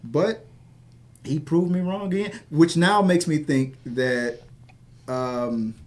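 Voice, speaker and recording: A man in casual film chat on a podcast, rambling and excitable with many restarts. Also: fairly high pitch, slow. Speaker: podcast co-host.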